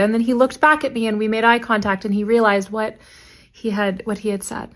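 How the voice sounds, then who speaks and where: A young adult woman, a teacher, telling funny classroom anecdotes in a dry, deadpan way and quoting her students. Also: a little high, moderate pace. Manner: deadpan, wry delivery with quoted student voices. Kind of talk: anecdotal storytelling.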